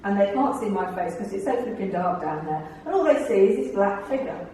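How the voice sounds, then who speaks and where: A woman's voice: medium pitch, animated, a little fast, dark tone, a little hiss or hum. A middle-aged woman, giving a chatty, humorous talk to a club audience about her years as a tour guide, telling anecdotes with a theatrical flair and frequent laughter. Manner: chatty, theatrical storyteller who laughs often. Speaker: guest speaker, former tour guide. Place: club meeting room. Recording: very echoey room, voice far from mic.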